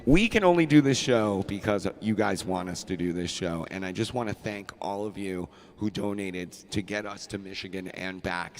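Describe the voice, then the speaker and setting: Hosting a laid-back live music show, this man with a fairly low pitch spins rambling stories with lots of profanity and laughter. There is slight background noise.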